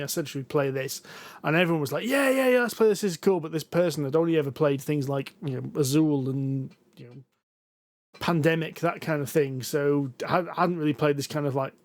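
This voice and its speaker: A man's voice: a little high, no echo. A man, co-hosting a board game podcast, chatting casually and telling stories with self-deprecating rambling. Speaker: podcast co-host. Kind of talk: casual chat about board games.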